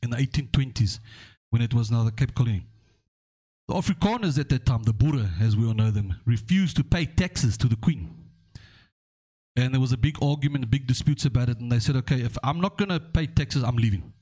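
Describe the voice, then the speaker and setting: A man's voice: mid-range voice, expressive, fairly quick, dark tone, husky. Man telling stories at length. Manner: rambling, storytelling, checking in with "okay?". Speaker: podcast host. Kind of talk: casual podcast discussion.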